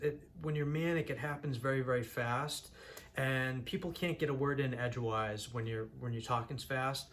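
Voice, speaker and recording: Speaking in a mid-range, fairly bright voice, a young man from Massachusetts recounts his own story for his channel. It's candid and earnest, rambling along with lots of restarts.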